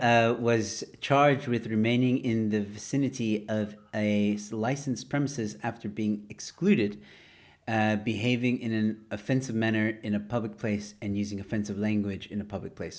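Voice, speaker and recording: A man hosting a comedy panel, reading headlines in an unhurried way with many fillers and laughs. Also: fairly low pitch, fairly even intonation. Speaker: host.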